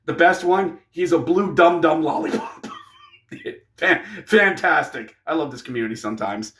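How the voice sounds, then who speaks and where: Excitable high-voiced man reviewing wrestling. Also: moderate pace. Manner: excitable, jokey, acts out wrestlers' lines. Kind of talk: casual review monologue.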